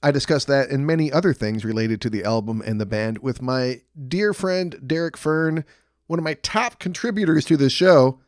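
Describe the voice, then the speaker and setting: A man's voice: medium pitch, no echo, studio quality. A man hosting a music podcast, chatting loosely and joking with a friend over a remote call. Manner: laid-back, joking, swears casually. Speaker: podcast host. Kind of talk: casual chat. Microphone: headphones and mic on a video call.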